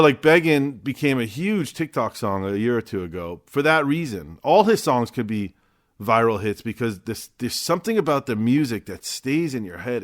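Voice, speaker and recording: Chatty man rambling through a show review. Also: mid-range voice. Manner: chatty, rambling, swears casually. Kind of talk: casual vlog review.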